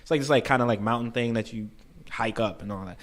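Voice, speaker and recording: A man's voice: mid-range voice, quick pace. Brooklyn man, laughing storyteller. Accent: New York. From Brooklyn, New York. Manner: laughs often, animated storytelling. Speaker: podcast guest. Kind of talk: casual chat.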